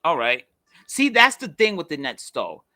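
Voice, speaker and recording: A man co-hosting a podcast in casual chat, animated and swearing freely, now and then putting on mock accents for jokes. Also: a little high, normal speed. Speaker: podcast co-host.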